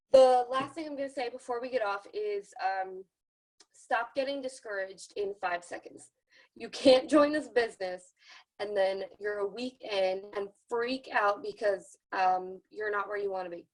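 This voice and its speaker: A woman's voice: medium pitch, poor audio. A woman leading an online sales training, talking casually and encouragingly, often acting out what other people say. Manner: chatty, encouraging, acts out other people's lines. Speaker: team leader giving a sales training. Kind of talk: casual motivational training talk. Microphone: video call.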